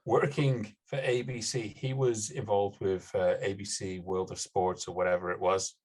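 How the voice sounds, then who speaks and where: Low voice dude hosting a movie podcast, lots of uhs, hedges everything. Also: male voice, level tone, normal speed. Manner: hedging, explains with fillers. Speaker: podcast host. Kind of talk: casual film-review chat.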